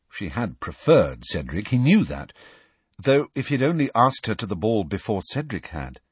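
Brief: male narrator, low husky voice, lively storytelling, dry close recording. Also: dry recording. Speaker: audiobook narrator. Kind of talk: scripted narration.

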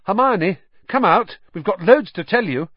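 Ron, a man doing an excitable schoolboy. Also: mid-range voice, moderate pace, husky, dry recording, highs cut off, voice pushed up. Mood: eager.

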